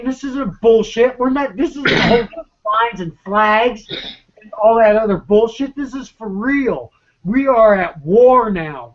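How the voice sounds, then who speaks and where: A man's voice: very high-pitched, highs cut off. A man in an online voice chat, ranting with urgent, profane, stammering repetition. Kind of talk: agitated rant.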